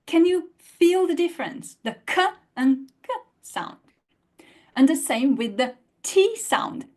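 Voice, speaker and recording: A woman leads a live online lesson at an unhurried pace. She reads out student answers and demonstrates sounds by repeating them again and again. Her voice sits a little high. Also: lively intonation, darkish tone. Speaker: language teacher.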